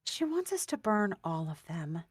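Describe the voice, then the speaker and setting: A woman's voice: on the low side, sing-song, normal speed. A woman player in a tabletop game, thoughtful and musing aloud over a voice call. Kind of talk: casual game chat.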